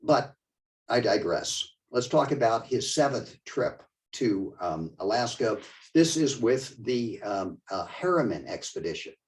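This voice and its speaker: An older man giving a conversational, digressive museum talk with slides, often halting mid-sentence. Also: medium pitch, sing-song, distant mic, rough recording. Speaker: museum lecturer. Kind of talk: slide-show history talk.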